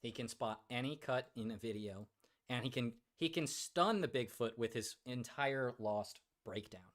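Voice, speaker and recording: Male streamer host, casual joking chat, middle pitch. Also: normal speed. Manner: joking, reads chat aloud, many fillers. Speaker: livestream host.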